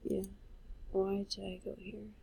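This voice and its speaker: A woman's voice: medium pitch, level tone, unhurried, creaky, mellow, husky, low-quality recording. A woman rambling through casual gameplay commentary into a handheld mic as she types and plays, often trailing off and joking at her own expense. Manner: rambling and self-mocking, trailing off; talking while typing and playing. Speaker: gaming vlogger. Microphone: handheld microphone.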